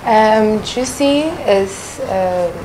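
A young Ghanaian woman answers a host's questions with coy, playful replies. Her pitch is mid-range, with clearly audible background noise behind her. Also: drawn-out words. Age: 20s. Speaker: guest artiste. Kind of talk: casual interview answers.

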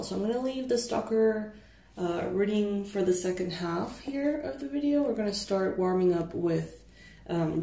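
A woman giving a relaxed, chatty tarot reading to camera, in a sleepy early-morning voice. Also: medium pitch, gravelly, roomy sound, recorded from a distance. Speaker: tarot reader.

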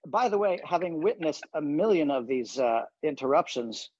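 A man with a mid-pitched, husky voice, telling stories with animated energy in a casual chat. His sound is dry and dull, like remote call audio. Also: normal speed, no room sound. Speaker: guest, comedian.

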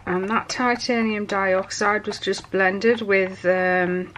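A woman's voice: mid-range voice, steady tone, slow, a bit bright, a little hiss or hum. A woman from England hosting a soap-making tutorial, chatting in rambling asides while she works. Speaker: soap-making channel host. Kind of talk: casual demonstration tutorial.

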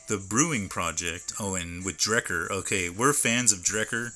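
A man's voice: lowish voice, a little slow, over music. A man streaming live from home, chatting casually and reading labels aloud as he unboxes. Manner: rambling, stops to read can labels aloud.

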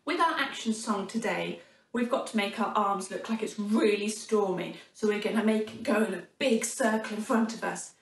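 A woman's voice: mid-range voice, moderate pace, creaky. A woman explaining an action song to small children. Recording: echoey room, distant from mic.

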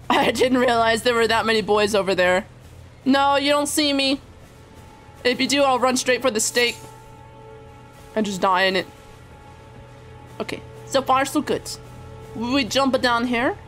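A woman's voice: on the high side, unhurried, long pauses, fairly bright tone, faint music behind. A woman streaming a game live, chatting with her viewers as she plays, swearing freely and laughing often. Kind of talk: live gameplay commentary.

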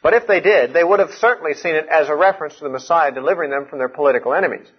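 Earnest male Bible teacher, slightly husky. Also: fairly high pitch, rapid-fire. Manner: earnest, explanatory, emphatic on key points. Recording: muffled lo-fi recording.

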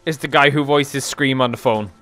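A man's voice: mid-range voice, normal speed, bright, forceful tone. A man giving casual, sarcastic game commentary, rambling and joking as he plays. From Ireland. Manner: rambling, sarcastic, jokey ranting. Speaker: gaming streamer. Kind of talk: casual let's play commentary.

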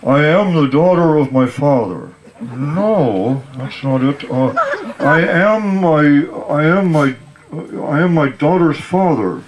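A man's voice: animated, low-quality recording. Man playing a muddled, pleading old father. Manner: slow, halting, pleading, raised pitch. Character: befuddled, earnest elderly father, muddled and pleading.

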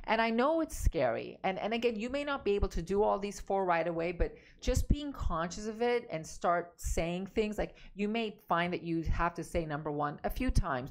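A woman relationship coach giving emphatic, direct advice, repeating her key points. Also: lowish voice. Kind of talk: advice talk to camera.

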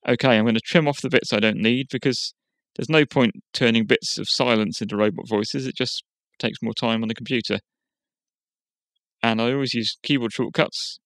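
A man hosting a software tutorial, explaining each step in a plain, steady way. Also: mid-range voice, dry recording. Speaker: tutorial host. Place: quiet room.

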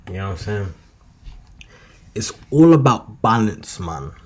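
A man's voice: on the low side, very animated, a little slow, darkish tone, breathy edge. A young man talking to himself late at night in a loose, meandering, slangy monologue that drifts into half-freestyled rhymes. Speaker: vlogger.

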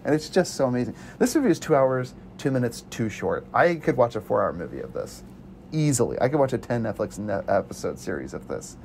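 A man co-hosting a casual movie review podcast, excitable and quick to act out scenes. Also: mid-range voice, vocal fry, a little hiss or hum. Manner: excitable, quotes scenes in put-on voices. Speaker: podcast co-host.

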